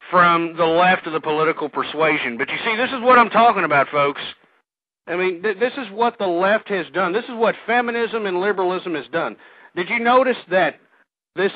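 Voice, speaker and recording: A man's voice: high-pitched, dry recording. A man hosting a call-in radio show, ranting in a combative, insulting, repetitive way at his listeners and callers. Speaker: radio talk show host. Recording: dry tinny phone-like lo-fi audio.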